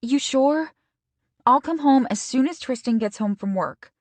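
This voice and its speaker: A woman's voice: sits high, expressive, unhurried, darkish tone, dry recording, voice pushed up. A woman voicing a caring best friend in an audiobook, with a raised voice that sounds concerned and sympathetic.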